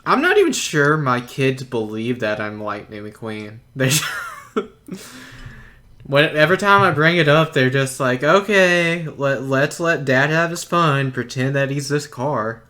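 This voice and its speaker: A man's voice: medium pitch, lively intonation, measured pace, sharp tone. A man co-hosting a podcast, easygoing and chuckling a lot, egging on his co-host. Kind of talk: casual chat.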